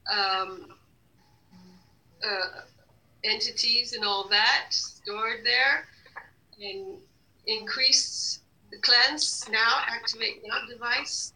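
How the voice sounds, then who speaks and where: A woman leading a guided energy healing session, giving slow repeated commands to an unseen device with many hesitations. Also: on the high side, bright, forceful tone, low-quality recording.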